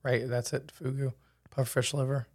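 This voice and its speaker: A man's voice: medium pitch, little pitch movement, slightly rough, dry recording, clean studio sound. A man hosting a podcast, chatting casually and rambling, mocking himself and piling on facts. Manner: rambling, self-mocking, quick to add facts. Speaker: podcast host. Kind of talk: casual chat. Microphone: studio microphone with headphones.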